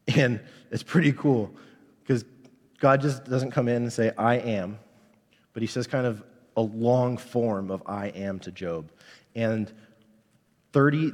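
A man's voice: medium pitch, long reverb tail. A man in his thirties, a pastor, preaching a candid, conversational sermon.

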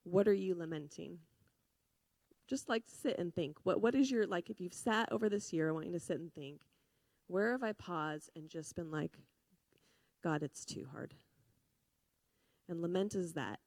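A woman giving a sermon in an earnest, conversational way, full of fillers and restarts, moving between hushed grief and lively emphasis. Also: on the low side, normal speed, no room sound. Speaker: preacher.

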